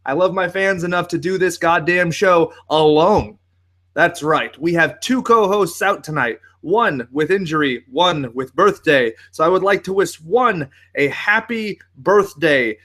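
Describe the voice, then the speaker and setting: A man's voice: fairly high pitch, fairly bright tone. Sarcastic profane young man hosting. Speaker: podcast host. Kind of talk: solo podcast monologue.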